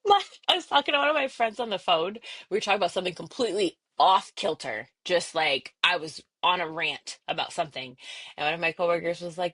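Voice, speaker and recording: Brief: woman podcast co-host, low voice and wide pitch swings, playful storyteller who mimics others. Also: expressive, brisk, fairly bright tone. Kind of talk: casual chat. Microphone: podcast recording.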